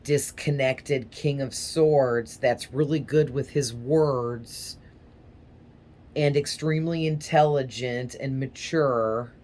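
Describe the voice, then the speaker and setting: A woman's voice: extremely low pitch, steady tone, slow, darkish tone. Rambling woman giving a tarot reading. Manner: rambling, hesitant, admits stuttering. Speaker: tarot reader.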